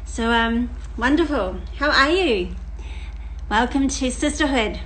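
A woman's voice: on the high side, takes it slowly, a little hiss or hum, poor audio. Chatty Australian woman pastor. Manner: animated, chatty and warm to viewers, with laughter. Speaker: pastor and podcast host. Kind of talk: casual live-stream chat. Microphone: live-stream setup in front of a screen.

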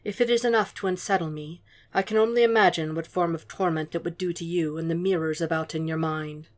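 A woman voicing a cool, controlled man who speaks softly and coaxingly, in a murmuring audiobook reading. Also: fairly low pitch, fairly even intonation, fairly quick, natural voice. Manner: soft, murmuring delivery.

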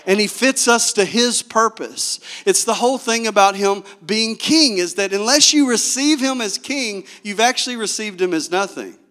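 A man's voice: sits high, moderate pace, hardly any pauses, sharp tone. A male pastor preaching a sermon, telling the story with animation and asking the congregation direct questions.

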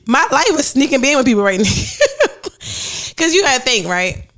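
Lively laughing woman podcast host. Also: sits high, measured pace. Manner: animated storytelling, acts out quotes, laughs often. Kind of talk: casual podcast chat.

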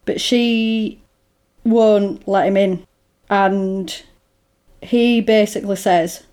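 A woman's voice: mid-range voice, steady tone, extremely slow, long pauses, mellow, smooth. Chatty woman retelling a film. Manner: chatty retelling with lots of "like" and "basically", acting out characters' lines. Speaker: podcast co-host recapping a film. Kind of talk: casual chat.

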